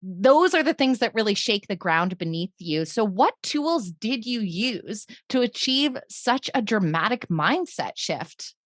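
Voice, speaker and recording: A woman's voice: medium pitch, very animated, measured pace, hardly any pauses, dry recording, studio quality. Reflective woman podcast host. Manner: thoughtful, affirming, flowing. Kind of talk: interview questions, reflective.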